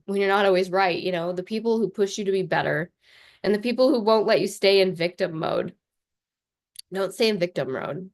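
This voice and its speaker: A woman coach talking straight to camera in a casual vlog, chatty and passionate, blunt, swearing and saying "like" a lot. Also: mid-range voice. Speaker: life coach.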